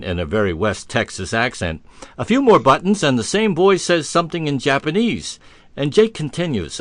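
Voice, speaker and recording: Man, radio talk host, folksy storyteller, animated pitch, dry sound. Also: no room sound. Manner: folksy storyteller, halting with fillers. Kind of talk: radio talk, telling a joke.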